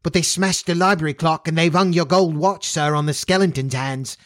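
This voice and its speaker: A man voicing a flustered, excitable housekeeper woman who talks breathlessly in rough, ungrammatical speech. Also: fairly high pitch, moderate pace, dry recording, clean studio sound, pitched above the performer's own voice, natural voice.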